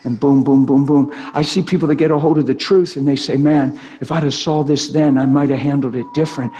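A man preaches in a high, ringing voice. He tells a personal story with spontaneous emphasis, jumping into acted-out quotes from people in the story. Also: fairly even intonation, brisk, warm tone. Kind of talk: sermon with personal testimony.

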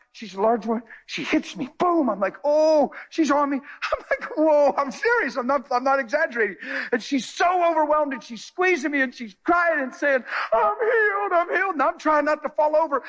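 A male preacher telling a story in a sermon, excitable, jumping between loud high bursts and low quiet asides. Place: church.

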